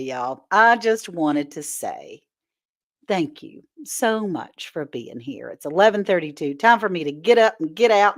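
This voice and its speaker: Chatty woman telling homespun stories. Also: mid-range voice. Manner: animated storyteller who laughs often and greets viewers; folksy, homespun talk. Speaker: vlogger hosting a live stream. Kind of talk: casual live-stream chat.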